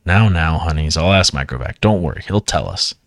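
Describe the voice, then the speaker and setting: A man voicing a cheerful father of young children in a hushed reading voice. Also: deep voice, expressive, a little fast, no echo, studio quality. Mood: reassuring.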